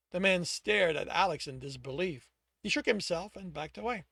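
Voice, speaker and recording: Gravelly man reading his own novel. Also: a little high, lively intonation, normal speed, pushed and bright, no echo, studio quality. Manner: self-correcting as he reads. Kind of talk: audiobook-style reading aloud.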